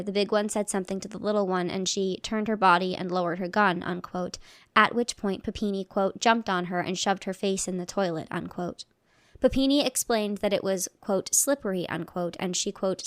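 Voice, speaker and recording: Woman reading a legal document, measured. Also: mid-range voice, dry recording, clean studio sound. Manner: measured, plain delivery, marking each quotation aloud.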